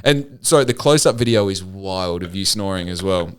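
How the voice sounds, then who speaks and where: A man with an Australian accent, hosting a podcast and telling a story in casual chat. He talks in an animated way, swears freely and often laughs. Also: low-pitched, moderate pace, smooth. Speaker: podcast host.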